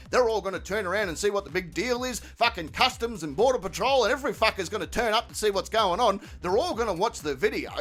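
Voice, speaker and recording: A man's voice: high-pitched, animated, quick pace, few pauses, a bit bright, faint music behind. An Australian man hosting a comedic commentary show, crude and mocking, swearing constantly. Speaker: commentary channel host.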